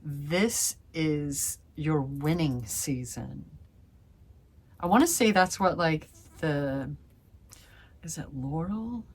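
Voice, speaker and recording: A woman with a low, slightly breathy voice speaks slowly as she gives a casual tarot reading. Gushing and effusive toward her viewers, she calls them fam and swears playfully.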